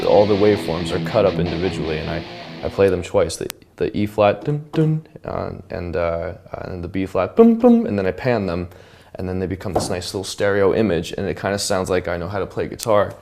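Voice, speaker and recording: A man's voice: deep voice, fairly quick, gravelly. A man, a songwriter and producer, casually explaining how he built a track, humming snippets and laughing. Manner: animated, hums and sings snippets, laughs often. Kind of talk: casual studio breakdown. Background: loud music playing.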